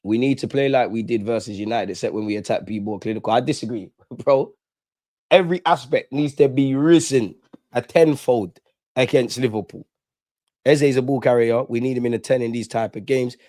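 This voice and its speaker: A man's voice: medium pitch, fairly quick, warm tone, no echo, studio quality. A young man, chatting casually and animatedly on a live fan stream, full of slang. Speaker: fan channel host.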